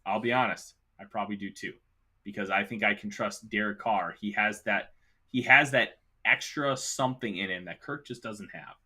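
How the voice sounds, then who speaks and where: A man's voice: on the low side, moderate pace, bright, forceful tone, breathy edge. A man hosting a casual sports talk show, giving emphatic, opinionated takes with the hiccups. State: has the hiccups. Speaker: podcast host.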